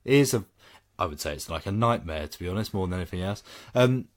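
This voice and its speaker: A man's voice: low-pitched, fast, no echo. A man co-hosting a film podcast, chatting casually and reading out a scripted review, with plenty of ums. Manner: animated, with lots of ums and laughs.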